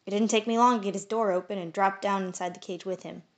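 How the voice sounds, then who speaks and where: A woman narrating a first-person fantasy audiobook in a measured, expressive way. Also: mid-range voice.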